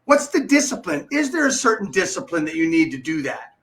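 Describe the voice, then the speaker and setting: High voiced guy hosting, keeps going "i, i, i", eager questions. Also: sing-song, a little fast, a bit bright. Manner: stammers and repeats words, eager questioning. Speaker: podcast host. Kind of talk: interview questions, casual chat.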